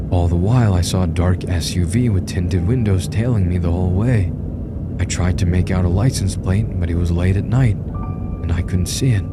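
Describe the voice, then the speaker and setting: A man narrating a first-person horror story in a tense, grim storytelling manner. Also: deep voice.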